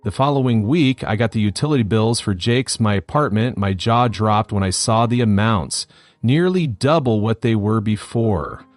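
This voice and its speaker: Low-voiced man narrating a story. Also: moderate pace, dry recording, faint music behind. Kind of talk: scripted first-person story narration.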